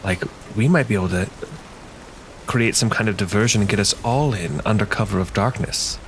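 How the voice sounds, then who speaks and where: A man's voice: lowish voice, moderate pace, a bit bright, slight background noise. A man playing his character in a tabletop game, talking casually with easygoing restarts. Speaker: player.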